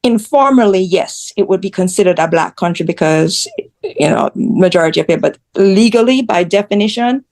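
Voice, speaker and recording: A woman's voice: medium pitch, animated, moderate pace, darkish tone. A woman from Jamaica, a guest telling her story in a blunt, candid way. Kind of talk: casual interview chat.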